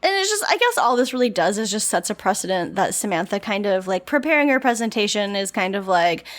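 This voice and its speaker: A woman's voice: mid-range voice, big pitch swings, fairly quick. A young woman from Canada co-hosting a podcast, recapping a TV episode in casual, blunt chat and laughing often. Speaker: podcast co-host.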